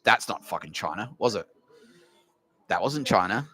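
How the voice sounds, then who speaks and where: A man's voice: on the low side, lively intonation, normal speed, bright, forceful tone, slightly rough. Profane rambling Australian man. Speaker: podcast host. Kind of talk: ranting comedy monologue.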